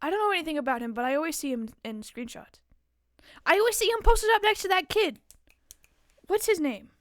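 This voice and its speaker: A woman's voice: very high voice, brisk, no echo. A woman streaming a game, chatting casually, giggling often and swearing freely. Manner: giggly, swears a lot, animated. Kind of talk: casual gaming commentary.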